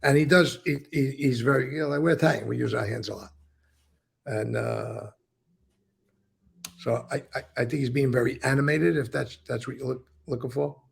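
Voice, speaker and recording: A man as an interview guest, recounting and explaining events with emphatic, animated storytelling. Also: medium pitch, normal speed, creaky, breathy edge.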